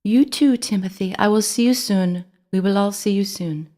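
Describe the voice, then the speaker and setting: A storybook reader voicing a small, brave female mouse with a French accent, quick and frightened but defiant. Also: medium pitch, fairly even intonation, a little mellow, voice pushed up, lightly acted. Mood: gentle.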